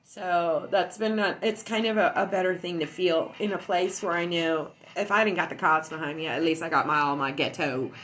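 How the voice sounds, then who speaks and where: A woman chatting casually on a livestream from her home while high on cannabis, telling stories loudly and with lots of animation. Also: normal speed, few pauses, a little hiss or hum. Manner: loud and animated storytelling. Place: at home indoors.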